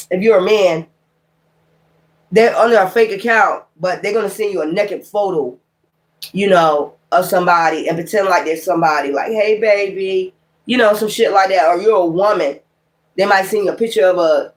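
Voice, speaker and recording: A woman's voice: lowish voice, moderate pace. A woman giving a casual tarot card reading in a blunt, exasperated, profane manner, with slangy, rambling street talk. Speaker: tarot reader.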